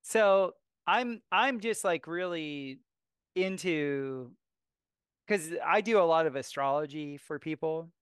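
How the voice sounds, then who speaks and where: A man with a smooth, resonant voice pitched a little high muses in a relaxed podcast conversation. He thinks aloud in a loose, wandering way, and the recording is dry and close. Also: takes it slowly, no echo. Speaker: massage therapist and astrologer. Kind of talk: casual podcast chat.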